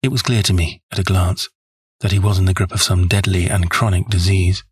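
A man narrating a classic story in the first person, in an even, measured way. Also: deep voice, slightly rough, no room sound, studio quality. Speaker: audiobook narrator.

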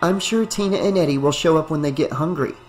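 A man voicing a calm young woman who speaks reassuringly in an audiobook reading. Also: high voice, unhurried, soft background music, voice pushed up, heavily acted. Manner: reassuring, gently chiding.

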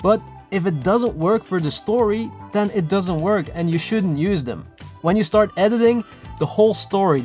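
A man giving casual, lively filmmaking tips to camera, chatty and self-mocking. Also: sits high. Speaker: filmmaking vlogger. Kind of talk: casual tutorial talk to camera.

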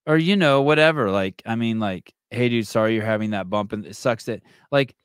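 In a clean studio recording without room sound, a man with a lowish, clean-toned voice hosts a podcast briskly. His casual talk wanders, is full of swearing, and keeps restarting.

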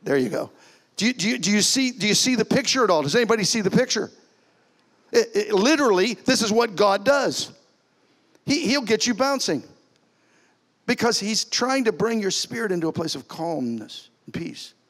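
Pastor guy preaching in church, kinda high voice, gets loud then goes real quiet. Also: normal speed. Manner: animated, swings from loud exclamations to soft near-whispers. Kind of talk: sermon. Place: church sanctuary.

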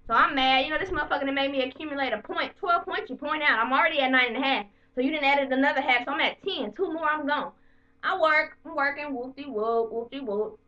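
A woman vlogger telling the story of her bad day to camera in a heated, profane, animated way. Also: high voice, quick pace, far from the mic, muffled recording. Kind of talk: casual storytelling rant to camera.

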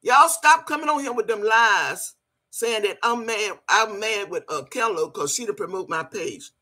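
A woman's voice: mid-range voice, expressive, normal speed, bright, forceful tone. An older woman hosting a casual livestream, greeting viewers and scolding critics in a blunt, feisty way. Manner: greets chat viewers by name. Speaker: livestream host.

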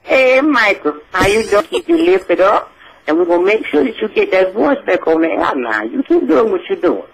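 Man voicing an elderly church grandmother, preachy, gravelly, husky, lively up-and-down pitch. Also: moderate pace, exaggerated voice, rough recording. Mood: gushing. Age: older. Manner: effusive, preachy, exclaims Lord and Jesus. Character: churchy old Southern grandmother who calls everyone sugar. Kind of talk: comic call-in character bit.

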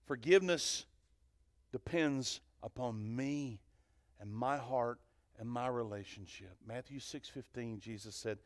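A male pastor preaching a sermon in church, animated, swinging from loud to hushed and questioning the congregation. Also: mid-range voice, a little slow, dry recording, studio quality. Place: church sanctuary.

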